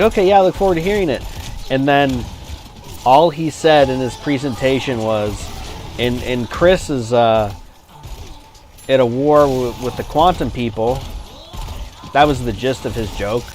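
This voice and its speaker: A man's voice: mid-range voice, a little hiss or hum. A man livestreaming a game, chatting casually and rambling between reactions to the play. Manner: rambling, many fillers and restarts, reacts to gameplay. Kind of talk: casual chat while gaming.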